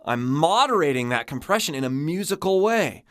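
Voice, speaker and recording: A man's voice: fairly high pitch, moderate pace, few pauses, no room sound, clean studio sound. A man, a vocal coach, explaining singing techniques and demonstrating them with his own voice. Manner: expressive, demonstrates with voice.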